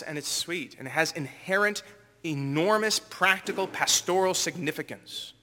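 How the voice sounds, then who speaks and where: A man delivering an earnest sermon in a church, his voice bright and forceful and a little high. The sound rings out with long reverb from the large sanctuary. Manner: earnest preaching with rising emphasis. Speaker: pastor.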